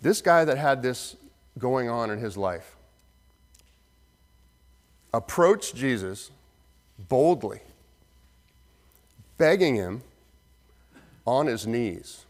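A man preaching a sermon as pastor, earnest, slowing down for emphasis and acting out the voices in the story. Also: medium pitch, animated. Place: church sanctuary. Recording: long reverb of a hall.

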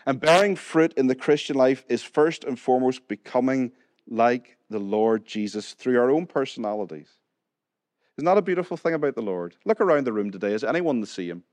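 A man's voice: mid-range voice, expressive, fairly quick, a little mellow, dry recording. A man with a Northern Irish accent preaching a sermon in a conversational way, putting questions to the congregation and joking now and then. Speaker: pastor. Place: church hall.

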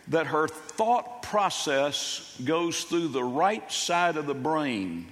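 An older man preaching a sermon as pastor, folksy and halting, with many restarts. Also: on the high side, fairly bright tone. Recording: long reverb of a church hall.

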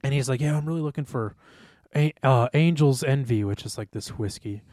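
A man's voice: medium pitch, a little fast, darkish tone, no echo, clean studio sound. A young man co-hosting a podcast, telling a casual, rambling story full of "like" and swearing. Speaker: podcast co-host.

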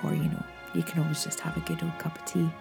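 A woman's voice: low voice, monotone, quick pace, vocal fry, music in the background. A woman hosting a podcast, introducing the episode in a chatty, friendly way. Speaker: podcast host.

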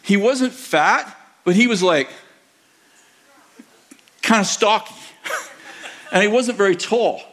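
High-voiced older man telling stories. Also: lively intonation, takes it slowly, long pauses, fairly bright tone. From United States. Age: 60s. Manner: rambling, self-correcting anecdotes with acted-out quotes. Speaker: pastor. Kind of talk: storytelling sermon. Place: church auditorium.

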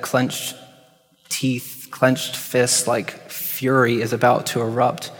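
A man preaching a sermon as pastor, conversational and reflective, pausing with ums. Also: medium pitch, little pitch movement. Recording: hall with long reverb.

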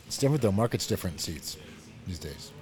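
A man's voice: sits low, very animated, fast talker, background noise. A man who runs a seed business, a podcast guest talking about his trade in a matter-of-fact way. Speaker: guest, seed bank owner. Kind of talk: casual chat.

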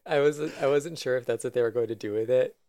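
Gravelly man joking on a casual podcast. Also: mid-range voice, dark tone, no echo, studio quality. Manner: quick, laughing, joking. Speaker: podcast co-host. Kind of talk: casual chat about anime.

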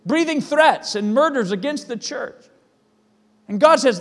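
A man's voice: extremely high pitch, expressive, measured pace, big-room sound. A male pastor delivering a sermon in a church, emphatic and repeating his phrases for weight.

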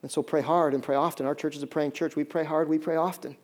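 A pastor preaching to his congregation in a fairly high voice. He pleads with emphasis, then sinks into soft, hushed lines. He is a man in his thirties. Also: steady tone, fast talker. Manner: emphatic preaching that swings between loud pleas and soft low passages. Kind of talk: sermon.

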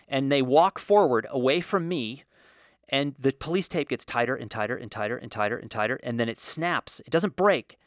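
Animated man telling a self-mocking story. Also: medium pitch, no room sound, studio quality. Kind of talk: casual storytelling monologue.

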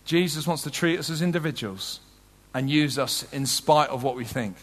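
A man preaching a sermon with passion, swinging from loud urgent peaks to soft low moments. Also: normal speed, long reverb tail. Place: large tent.

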